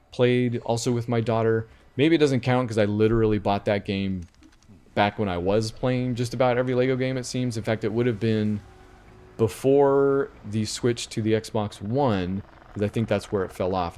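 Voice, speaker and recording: A man's voice: on the low side, darkish tone. A man hosting a casual video game podcast, rambling and often correcting himself as he talks. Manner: rambling, self-correcting, conversational. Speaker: podcast host reviewing video games. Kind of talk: casual chat.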